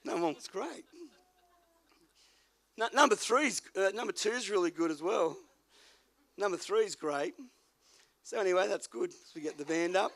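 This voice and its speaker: An older man, a pastor, telling a personal story in a folksy sermon, moving between quiet and loud. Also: sits high.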